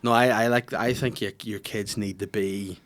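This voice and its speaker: A man's voice: lowish voice, steady tone, normal speed, a bit bright. A man hosting a comedy podcast, chatting with teasing, jokey asides about being a dad. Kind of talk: casual comedy chat.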